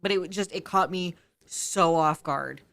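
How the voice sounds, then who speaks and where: A woman's voice: fairly low pitch, normal speed, vocal fry, a bit bright, dry recording. A woman, the streamer's partner, chatting casually and earnestly with viewers. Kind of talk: casual livestream chat.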